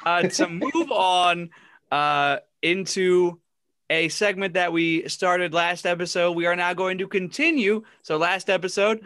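Man, podcast co-host, bright forceful voice, dry close sound, laughs a lot. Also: high-pitched, measured pace, smooth, no room sound. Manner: laughs often while recounting funny stories. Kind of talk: casual sports chat.

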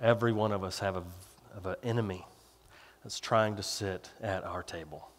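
A man's voice: fairly low pitch, fairly even intonation, normal speed. A male pastor preaching a sermon in a conversational, emphatic way, drawing out stressed words. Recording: long reverb of a large hall.

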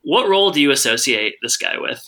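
A man's voice: mid-range voice, very animated, sharp tone. A man co-hosting a podcast, chatting casually and wryly about a TV episode, often restarting his sentences with a joke. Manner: wry, self-interrupting, quick to joke. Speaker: podcast co-host. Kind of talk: casual chat recapping a TV episode.

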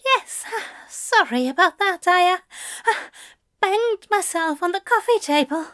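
A woman's voice: very high-pitched, lively intonation, measured pace, fairly bright tone, voice pushed up, full character voice. A woman voicing a flustered, desperate male angel who pleads and whimpers breathlessly.

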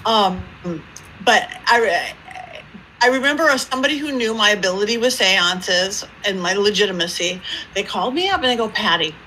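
A woman guest telling stories in an interview, with a lively improv-comedy manner and acted-out quotes. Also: moderate pace, a little hiss or hum, low-quality recording. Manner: lively, acts out quoted voices with big pitch jumps. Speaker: psychic medium guest. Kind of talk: animated storytelling interview.

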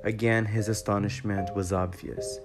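A man reading a classic novel aloud as audiobook narration, steady and even. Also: fairly low pitch, normal speed. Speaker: audiobook reader. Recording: guitar music behind voice.

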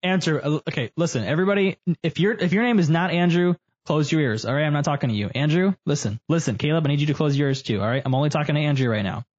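A man's voice: on the high side, quick pace, hardly any pauses, a little mellow, muffled recording. A man hosting a casual podcast chat, joking around and stretching words out in mock-serious asides. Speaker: podcast host.

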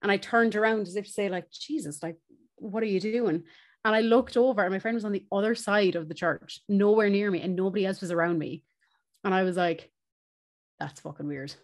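A young Irish woman, a podcast co-host, telling a story in casual chat, animated and swearing, laughing as she goes. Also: mid-range voice, fast.

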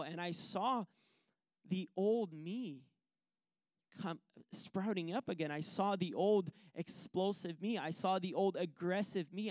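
A man preaching a sermon, telling a personal story with lively acted-out quotes. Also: high-pitched, dry recording, clean studio sound. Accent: Canadian English. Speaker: pastor.

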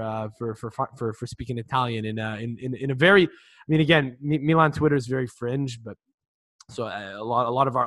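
A man's voice: medium pitch, a bit bright, no room sound. A man in his twenties co-hosting a football podcast, chatting casually with frequent swearing, laughter and restarts. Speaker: podcast co-host. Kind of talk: casual chat.

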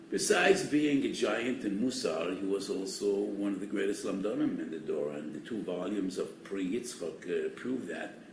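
An older man giving a Torah lecture as a rabbi, animated and emphatic, mixing in Hebrew and Yiddish terms. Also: low-pitched. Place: study hall. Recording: echoey hall, distant mic, faint noise.

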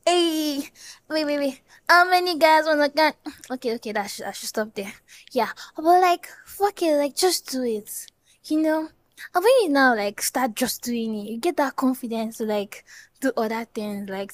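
A woman's voice: sits high, lively intonation, normal speed, no room sound. A young Nigerian woman in her twenties chatting playfully in a casual vlog, full of "like" fillers, laughing often and slipping into pidgin. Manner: playful, giggly, lots of "like" fillers, slips into pidgin. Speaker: vlogger. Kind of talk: casual hyped vlog chat.

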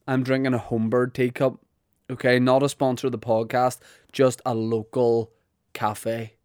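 A man's voice: mid-range voice, little pitch movement, moderate pace, a little mellow, clean tone, dry recording, clean studio sound. A Northern Irish man hosting a podcast, telling rambling, self-deprecating comic stories. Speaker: podcast host. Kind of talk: comic monologue.

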